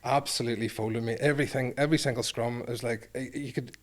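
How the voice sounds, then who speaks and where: The speaker, an ex-rugby player from Northern Ireland in his forties, tells interview stories in a self-mocking way and voices the people in them. He talks fast, with a mid-range voice and fairly even intonation.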